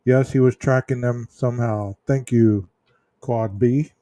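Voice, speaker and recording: A man's voice: medium pitch, steady tone, unhurried, warm tone, dry recording. A man hosting a true-crime livestream, chatting casually with viewers in chat, rambling with fillers and restarts.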